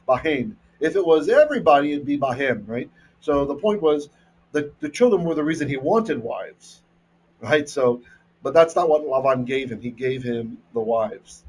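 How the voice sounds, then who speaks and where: Husky rabbi teaching Torah. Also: male voice, a little high. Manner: explanatory, checks in with "right?" often; enthusiastic about the text. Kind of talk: Bible lesson, explaining Hebrew text.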